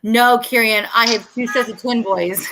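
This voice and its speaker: A woman's voice: a little high, normal speed, low-quality recording. Bubbly woman livestreaming from home. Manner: bubbly, excitable, swears freely. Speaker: livestream host. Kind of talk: casual livestream chat. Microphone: home setup.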